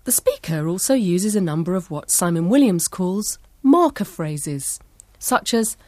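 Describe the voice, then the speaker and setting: A woman presenting a scripted educational programme, speaking in a clear, measured way. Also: medium pitch, expressive, mellow, no room sound.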